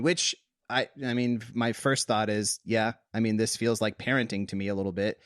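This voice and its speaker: A man co-hosting a casual Bible discussion podcast, animated and quick to laugh, sometimes slipping into comic voices. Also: on the low side, no room sound, clean studio sound. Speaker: podcast co-host.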